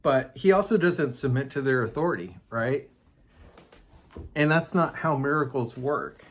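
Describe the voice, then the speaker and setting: A man's voice: mid-range voice, unhurried. A man hosting a casual Bible study podcast, talking loosely with fillers and asides as he explains a passage. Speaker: podcast host teaching the Bible.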